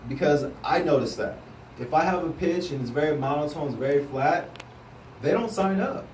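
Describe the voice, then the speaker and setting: Energetic man coaching a group, far-off mic. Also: on the high side, normal speed, slight background noise. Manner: energetic, coaching, often asks the group "right?". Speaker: sales team trainer. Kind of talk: live training talk to a group. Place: indoor room with a group. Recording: roomy sound from a distance, faint background.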